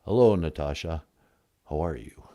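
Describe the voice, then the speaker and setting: Comedy caller: man voicing a solemn, deep, mock-portentous Western sidekick, slow delivery. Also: animated, warm tone. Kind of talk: puppet comedy call-in bit.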